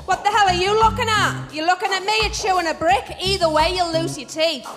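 A woman's voice: very high-pitched, steady tone, fairly quick, in a large hall, over music, voice pushed up. A woman voicing a tough street girl, brash and threatening. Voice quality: brash, rough.

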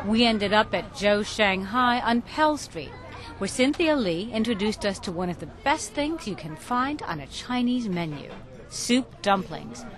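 Lively woman reporter narrating news. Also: mid-range voice.

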